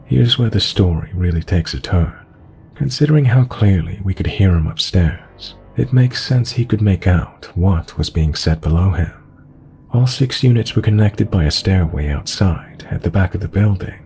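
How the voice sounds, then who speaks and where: A man reading a first-person story aloud in an even, measured scripted narration. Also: low-pitched, gravelly, soft background music.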